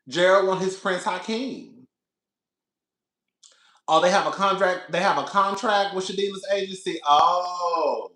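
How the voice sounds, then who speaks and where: Male recap host: animated, pitch leaping all over, keeps cracking up, roomy echo. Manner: animated, laughs often, calls listeners "girl". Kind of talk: casual TV recap chat. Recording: echoey room.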